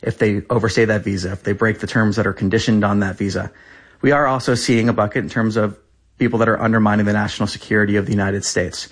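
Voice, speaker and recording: This thirties-aged man fields press questions on the government's behalf, returning repeatedly to his set talking points. He speaks quickly and insistently, his fairly low voice holding a steady tone.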